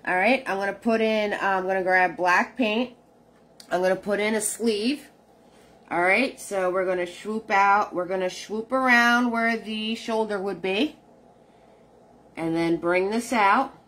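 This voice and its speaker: A woman's voice: medium pitch, a little slow, fairly bright tone. A woman leading a live painting tutorial, chatting with her viewers as she works. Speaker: painting instructor.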